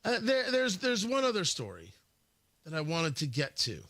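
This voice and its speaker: Man, radio host, combative monologue, bright forceful tone, dry studio sound. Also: sits high, huge pitch swings, normal speed, no room sound. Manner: emphatic, combative, repeats words for emphasis. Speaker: radio talk show host. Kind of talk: opinionated talk radio monologue.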